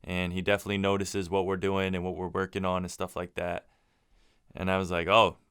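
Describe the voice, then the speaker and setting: A man's voice: low-pitched, monotone, brisk, a bit bright, clean tone, no room sound. A young man co-hosting a casual podcast, teasing his friend with dry humor. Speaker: podcast co-host.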